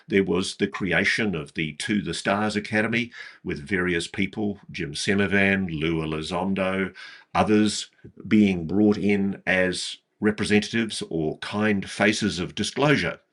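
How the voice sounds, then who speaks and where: Male guest, low-pitched, bright delivery, cautious but blunt. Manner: measured, hedging, blunt at times. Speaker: interview guest. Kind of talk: speculative interview commentary.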